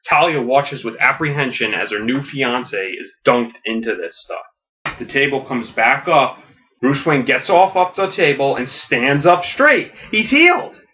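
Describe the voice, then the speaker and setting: A man pitching a comic story on a podcast with a bright, forceful voice, animated and quick to crack himself up. He slips into quick character voices. The audio is dull and lo-fi. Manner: animated retelling, laughing at his own jokes, putting on quick character voices. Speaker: podcast host.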